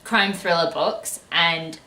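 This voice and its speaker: A woman's voice: fairly low pitch, slow pace, bright, forceful tone, echoey room. A woman co-hosting a book channel in casual chat, giggly and prone to bursting out laughing.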